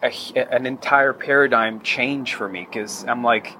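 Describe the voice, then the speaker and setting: A man guest in a relaxed podcast chat, talking in a loose, rambling way full of fillers and restarts. His voice sits in a middle register, and a faint hiss runs under the recording. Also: medium pitch, a little slow, few pauses, low-quality recording. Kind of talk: casual interview chat.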